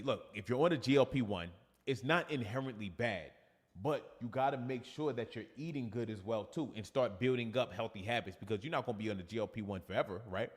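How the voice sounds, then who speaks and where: A man's voice: medium pitch, in a large hall. A man with a New York accent, a fitness coach chatting casually on a livestream and reading viewer comments aloud.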